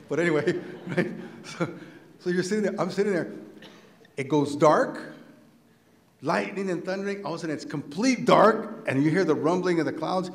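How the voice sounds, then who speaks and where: A man from New Mexico whose first language is Spanish, a visiting writer telling a personal story to a live audience in an animated, humorous way, acting out the voices he quotes. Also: a little high, a little fast. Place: university lecture hall. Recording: echoey hall.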